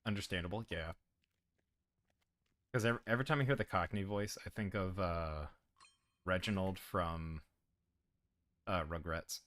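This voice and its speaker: A man's voice: low-pitched, a little slow, pauses often, fairly bright tone. A man streaming a video game, rambling and joking with his chat in a casual way. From United States.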